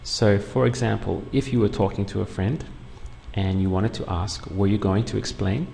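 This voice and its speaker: A man teaching a beginners' language lesson online, explaining patiently and clearly step by step. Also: lowish voice, steady tone, normal speed, warm tone. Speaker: Spanish teacher. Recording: long room reverb, faint background noise.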